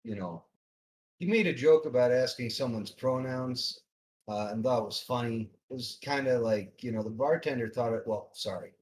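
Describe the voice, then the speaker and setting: A man's voice: mid-range voice, moderate pace, a little mellow, a little hiss or hum. A man playing in a tabletop game, speaking in character in a polite, formal, hesitant way. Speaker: player. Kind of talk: in-character roleplay.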